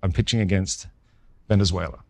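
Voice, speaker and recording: A man in his forties with an Australian accent, a former pitcher guest telling his story in a casual interview and acting out the dialogue. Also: brisk, creaky. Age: 40s. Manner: lively storyteller who acts out quoted dialogue.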